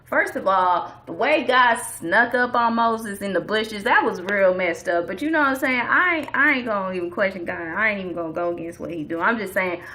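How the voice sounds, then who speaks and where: A woman's voice: mid-range voice, a little fast, few pauses, sharp tone. A woman vlogger giving a casual faith talk in a chatty, slangy, preachy way.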